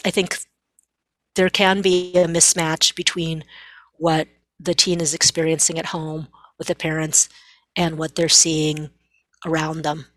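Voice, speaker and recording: A middle-aged woman psychiatrist speaks as an interview guest, explaining things earnestly and slipping into bits of dialogue. Her voice sits on the low side and the recording is dry. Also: a bit bright, dry recording.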